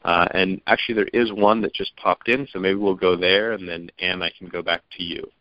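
A man's voice: low-pitched, fairly even intonation, fairly quick, dull audio. A man hosting a conference call, easygoing and full of fillers. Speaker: call host. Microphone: phone or conference call.

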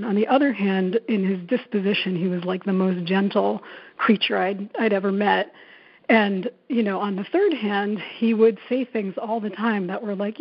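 A woman's voice: mid-range voice, steady tone, moderate pace. A woman who facilitates prison workshops, speaking earnestly with many fillers and restarts as she tells personal stories. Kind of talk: reflective talk with personal stories. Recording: dull lo-fi recording.

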